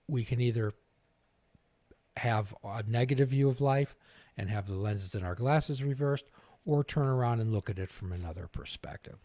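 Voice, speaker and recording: Deep-ish guy host on a live show, folksy storyteller, dry close sound. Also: mellow, dry recording. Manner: folksy storyteller acting out little scenes. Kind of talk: live talk show conversation.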